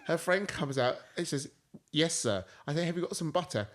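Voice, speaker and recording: A man with a British accent, a podcast guest, chatting casually and telling lively stories, acting out the voices of people he quotes. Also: a little high, normal speed. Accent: British English. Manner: animated storyteller, acts out quoted dialogue. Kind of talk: casual chat.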